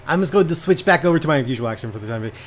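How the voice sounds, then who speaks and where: A man's voice: medium pitch, expressive, very fast. A man co-hosting a comedy podcast in casual chat, playing along with mock disbelief. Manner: incredulous, playing along, laughing. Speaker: podcast co-host.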